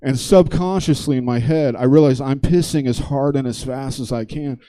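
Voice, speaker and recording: A man's voice: medium pitch, normal speed, dark tone. A man doing stand-up comedy, telling a long story in a loose, conversational, profane way on a theater stage.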